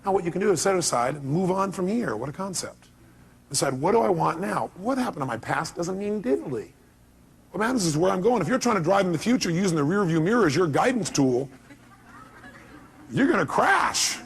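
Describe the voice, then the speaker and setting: A man's voice: sits high, expressive, fairly quick, gravelly. A middle-aged man giving a motivational seminar talk, emphatic and quizzing the audience with questions. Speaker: motivational speaker.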